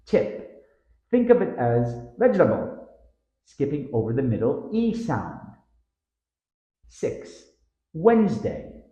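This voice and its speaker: A man's voice: medium pitch, sing-song, dark tone, echoey room, lo-fi sound. A man narrating a scripted pronunciation lesson, drawing out the words he models. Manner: slow, drawn-out model words with stressed syllables. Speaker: pronunciation teacher.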